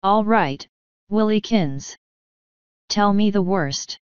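A woman reading an audiobook, voicing a gruff, weary middle-aged male police commander who grumbles. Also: mid-range voice, takes it slowly, no room sound, muffled recording, natural voice.

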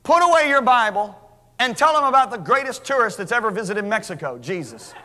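A middle-aged man preaching a sermon as a lively story, acting out the dialogue. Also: very high voice, fairly quick, noisy background. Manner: animated, acts out dialogue, restarts. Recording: hall reverb.

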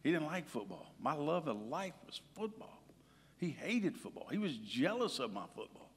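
A man preaching a sermon as pastor, telling personal stories and swinging from loud to hushed. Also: fairly high pitch, sing-song, normal speed, slightly rough, big-room sound. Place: large church hall.

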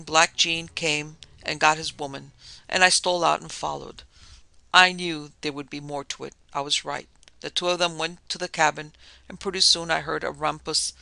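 A man narrating a spooky tale in a measured storytelling manner. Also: fairly high pitch, gravelly, sharp tone, clear, resonant tone, no room sound, rough recording. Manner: storytelling, measured, dramatic dips.

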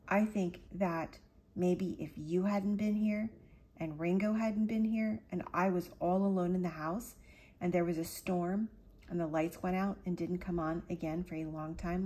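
A woman voicing a curious, earnest young boy in a storybook reading, with a husky voice. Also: lowish voice, warm tone. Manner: questioning, eager, sometimes whispered.

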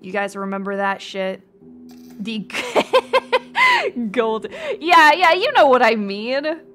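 A woman with a slightly high voice chats slowly to her livestream audience. She rambles, swears freely and laughs often while thanking viewers by name. Faint music plays under her voice. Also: a bit bright. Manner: reads out chat names and thanks. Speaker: VTuber streamer. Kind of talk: casual livestream chat.

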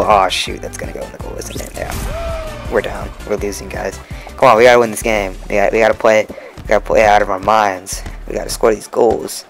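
Excitable young man over game music. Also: fairly low pitch, brisk. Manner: excitable, repeats himself, cheers on wins. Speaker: gaming video creator. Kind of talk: casual gameplay commentary. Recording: game music playing underneath.

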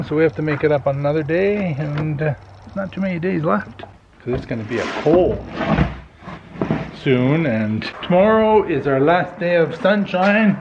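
Brief: easygoing farm dad, lively up-and-down voice, muffled outdoor camera sound. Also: male voice, a little high, a little hiss or hum. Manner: easygoing, chatty with "uh" fillers. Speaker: family vlogger, bringing in horses. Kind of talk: casual vlog narration. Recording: dull lo-fi camera audio outdoors.

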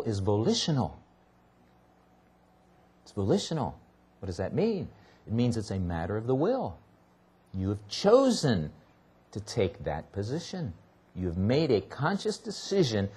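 A man's voice: mid-range voice, darkish tone, husky. A man preaching as a pastor, teaching through a Bible passage and hammering key words by repeating them. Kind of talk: expository sermon.

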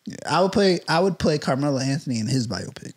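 A man's voice: on the high side, lively intonation, fast talker, breathy edge. A young man co-hosting a podcast in casual chat, laid-back and hesitant, often trailing off. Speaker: podcast co-host.

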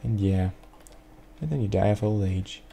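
Low, mellow-voiced man, a let's player muttering sarcastic, profane commentary at his desk mic. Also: normal speed, gravelly, husky, soft background music. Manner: sarcastic, rambling talk to himself with frequent swearing. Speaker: let's play gamer. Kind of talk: gameplay commentary.

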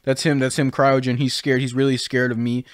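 A man's voice: mid-range voice, little pitch movement, brisk, no room sound. A young man giving casual, rambling, jokey commentary while playing a video game. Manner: rambling, jokey, self-mocking. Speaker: gaming video creator.

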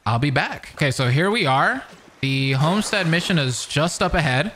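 A young man giving casual, excitable let's-play commentary, often laughing and exclaiming. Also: on the high side, moderate pace, slight background noise. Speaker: gaming commentator.

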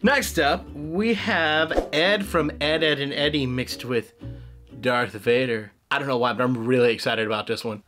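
A young adult man hosting a casual comedy vlog of impressions, excitable and playful. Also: mid-range voice, measured pace, soft background music. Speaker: impressionist host.

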